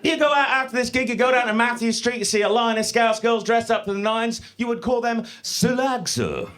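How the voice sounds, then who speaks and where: A man doing a live stand-up set in a comedy club, profane and animated, speaking into a stage mic. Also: very high-pitched, brisk. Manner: profane, animated, mock-confident.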